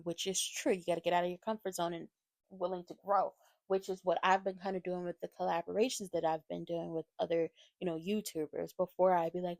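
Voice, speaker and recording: A woman recapping a reality show for her channel, animated and fired up, talking straight to her viewers. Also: lowish voice, brisk, no echo, clean studio sound. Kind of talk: casual recap commentary.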